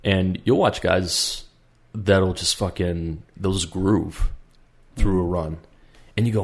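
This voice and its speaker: A man's voice: deep voice, takes it slowly, husky. A man co-hosting a podcast, talking casually and rambling, with many fillers and restarts. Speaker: podcast co-host. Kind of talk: casual chat.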